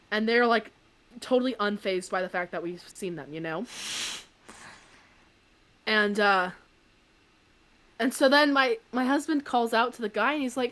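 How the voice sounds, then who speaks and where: A young adult woman co-hosting a podcast, telling a story in a chatty, animated way full of "like". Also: a little high. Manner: chatty, peppered with "like", animated retelling. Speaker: podcast co-host. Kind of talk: casual anecdote on a podcast.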